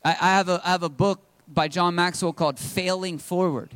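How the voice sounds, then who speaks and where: High-voiced pastor preaching conversationally. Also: male voice, steady tone, a little fast, a bit bright, clear, resonant tone, no room sound. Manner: conversational and joking, speaks straight to the congregation. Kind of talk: sermon. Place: church service.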